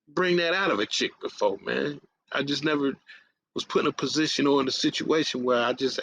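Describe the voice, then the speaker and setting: A man's voice: mid-range voice, creaky, fairly bright tone. A man hosting a radio show, telling a casual story in profane streetwise slang and tagging lines with "man". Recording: dull lo-fi audio.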